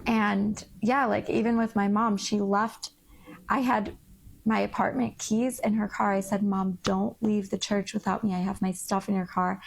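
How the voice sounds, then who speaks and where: A woman's voice: medium pitch, little pitch movement, normal speed, creaky. A young woman telling a candid vlog story in a frank, rambling, exasperated way. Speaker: vlogger.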